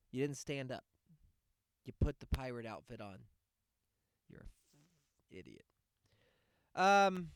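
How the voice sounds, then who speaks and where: A man's voice: medium pitch, dry recording, clean studio sound. A man hosting a podcast, going on a sarcastic, profane rant in a casual monologue. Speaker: podcast host.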